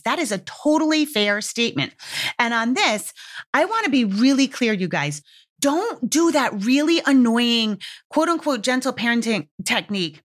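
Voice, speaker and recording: A woman's voice: on the high side, big pitch swings, a little slow, fairly bright tone. Frank, casually profane podcast host woman. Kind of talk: casual advice podcast monologue.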